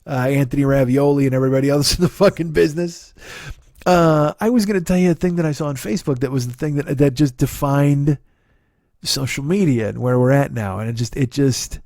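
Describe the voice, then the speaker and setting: A man's voice: medium pitch, fairly quick, darkish tone, no room sound, studio quality. A man in his forties doing a profane, ranting comedy podcast monologue, full of laughs and restarts. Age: 40s. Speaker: podcast host.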